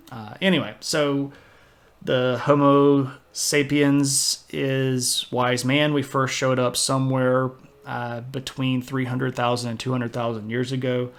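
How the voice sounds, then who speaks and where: A man's voice: mid-range voice, fairly bright tone. A man giving a casual livestreamed history lecture, conversational and digressive, with self-deprecating asides.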